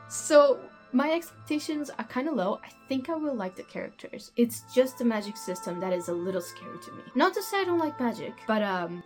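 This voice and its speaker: A woman's voice: fairly high pitch, darkish tone. A woman from Portugal chatting casually about her reading in a book vlog, self-deprecating and laughing between points. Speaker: book vlogger.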